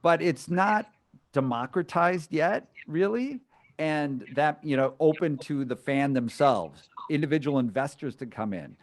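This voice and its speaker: A man's voice: fairly high pitch, lively intonation, a little slow. Enthusiastic man hosting an interview. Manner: enthusiastic, emphatic, frequent restarts. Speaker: interview host. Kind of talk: conversational interview.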